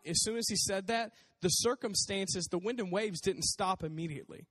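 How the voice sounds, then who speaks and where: A man preaching a casual sermon in a conversational, animated way, acting out voices as he talks. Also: high voice, moderate pace, hardly any pauses, husky, long reverb tail.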